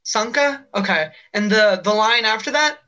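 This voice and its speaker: A man's voice: sits high, lively intonation, moderate pace, bright, forceful tone, dull audio. A man playing an awkward actor at an audition, mumbling sulky asides. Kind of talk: comedic sketch, audition scene.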